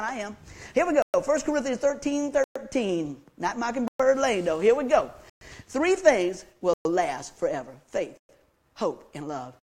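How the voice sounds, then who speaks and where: A pastor with a high voice preaches to his congregation, folksy and animated, peppering the listeners with questions.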